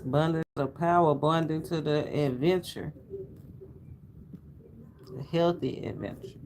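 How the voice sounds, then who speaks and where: Guy doing a tarot reading, slow and drawn out, kinda high voice, repeats himself like a preacher, faint hum behind. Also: darkish tone, poor audio. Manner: loose, repetitive, preacher-like cadence with asides to viewers. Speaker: tarot reader. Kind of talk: casual spoken tarot reading.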